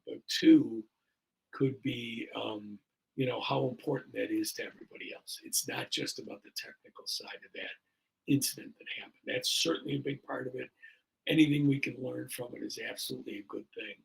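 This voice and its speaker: A man's voice: mid-range voice, gravelly, slightly rough, poor audio. A man in his sixties, a fire chief and podcast guest, telling a story in an earnest, rambling way with many fillers. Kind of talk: casual storytelling in a podcast interview.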